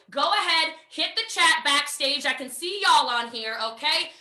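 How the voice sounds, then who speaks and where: High, punchy American woman coaching. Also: unhurried, few pauses, reverberant. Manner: energetic, emphatic, repeats phrases for drive. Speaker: network marketing trainer. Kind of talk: live online sales training.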